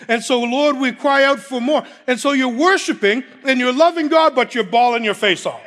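Give me a male preacher with a strikingly high voice giving an emphatic sermon. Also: normal speed, few pauses, a bit bright. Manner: emphatic, repeats key phrases, laughs between points.

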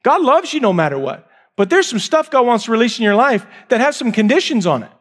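Male pastor, high voice, emphatic sermon delivery with repeated points. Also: sing-song, fast talker. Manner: emphatic, repeats key lines, swings from raised to hushed.

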